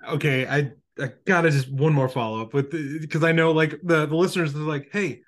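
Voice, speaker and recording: A man's voice: fairly high pitch, steady tone, a little fast. A man hosting a casual interview, asking chatty, eager questions. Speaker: podcast host.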